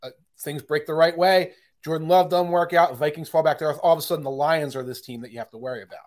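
A man with a fairly high voice breaks down football in casual podcast chat. He is opinionated and talkative, and often restarts his sentences mid-thought. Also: fairly even intonation, fast talker, a little mellow. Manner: chatty and opinionated, with frequent fillers and restarts.

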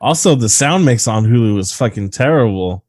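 A man's voice: medium pitch, animated, normal speed, darkish tone, breathy edge, no echo. A man co-hosting a casual movie-review podcast, sharing trivia with profanity and frequent laughter. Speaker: podcast co-host.

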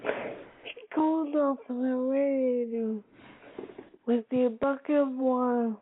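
Slow, high-voiced woman reading a story. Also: steady tone. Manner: slow, careful read-aloud delivery. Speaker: storyteller host. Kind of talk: reading a children's story aloud. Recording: tinny phone-like sound with faint hiss.

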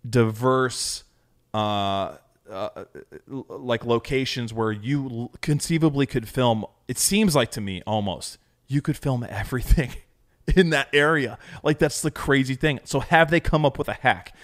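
A man's voice: mid-range voice, measured pace. A man co-hosting a casual podcast chat, talking enthusiastically and rambling with lots of fillers. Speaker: podcast co-host.

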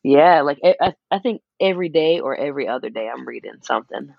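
Young male podcast co-host, gravelly, laid-back, dry dull lo-fi recording. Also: on the high side, animated, fast talker, dry recording. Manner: laid-back, short agreeing replies. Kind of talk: casual chat.

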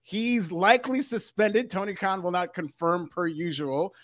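A man's voice: high-pitched, a little slow, fairly bright tone, no echo. A man co-hosting a podcast, giving a casual news rundown in a laid-back, joking manner. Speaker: podcast co-host.

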